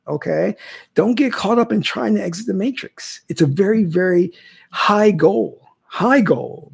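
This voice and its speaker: A man's voice: high voice, vocal fry, a little mellow, husky. A man teaching spiritual ideas in casual livestream talk, often checking in with "okay?" and repeating phrases. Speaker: spiritual teacher answering viewer questions.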